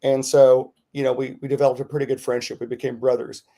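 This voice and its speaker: A middle-aged man, a podcast co-host, telling a rambling, animated story in casual chat with lots of fillers. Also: mid-range voice, fast talker.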